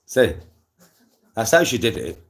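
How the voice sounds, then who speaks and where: A young man with a lowish voice rants to his live-stream viewers. He is animated and slangy, swearing freely as he chats. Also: measured pace, background noise. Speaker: livestreamer.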